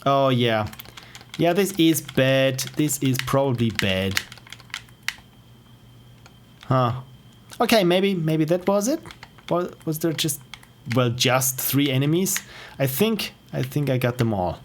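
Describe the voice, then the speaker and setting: A man's voice: medium pitch, expressive, takes it slowly, long pauses, a little hiss or hum. A man with an Austrian accent streaming indie games, thinking aloud with curious questions as he plays. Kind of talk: live gameplay commentary. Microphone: wearing headphones.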